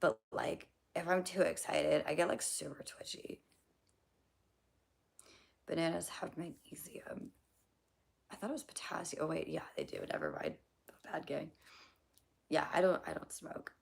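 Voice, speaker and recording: A hoarse young woman talks loosely to her livestream chat, swearing and drifting between thoughts. Her voice sits deep for a woman and is heavily gravelly and husky. Her pitch still bounces around a lot as she talks. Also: expressive, unhurried, pauses often, whispered. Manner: rambling, swearing, slangy, laughing at her own jokes. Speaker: livestream host answering chat.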